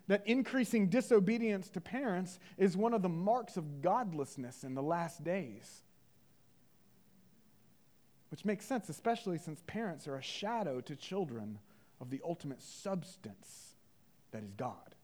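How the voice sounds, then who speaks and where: A male pastor preaching a sermon, animated and full of rhetorical questions, swinging from loud to hushed. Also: sits high.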